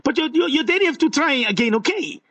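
High-voiced playful man. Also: animated, fairly bright tone. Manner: playful, coaxing, drawn-out emphasis. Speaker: radio show host. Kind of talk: live radio call-in chat. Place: radio studio.

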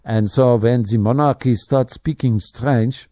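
A man's voice: mid-range voice, unhurried, mellow, no echo. A man hosting a business show, giving opinionated commentary in a rambling way with many fillers and restarts. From Africa. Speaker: host.

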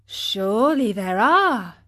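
A woman voicing a polite, calm male dolphin in a storybook reading, speaking in a courteous, measured way. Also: medium pitch, exaggerated voice.

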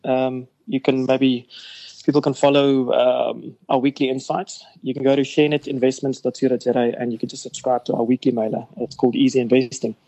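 A man's voice: mid-range voice, flat delivery, a little fast, mellow, highs cut off. A man, an investment company boss, talking business in a rambling, chatty way with lots of fillers. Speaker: investment company CEO guest. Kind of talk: casual radio business interview.

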